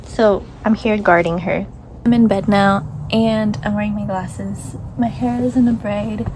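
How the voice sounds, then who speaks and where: A young woman chatting casually to her phone camera at home in a relaxed, self-deprecating vlog, with frequent apologetic asides. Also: mid-range voice, a little slow, slight background noise, low-quality recording. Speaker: vlogger.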